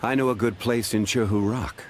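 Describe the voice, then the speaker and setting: An actor playing a calm, dignified, wise man in a video game, speaking in a measured, composed way. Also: fairly low pitch, a little hiss or hum, lightly acted. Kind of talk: game character voice lines.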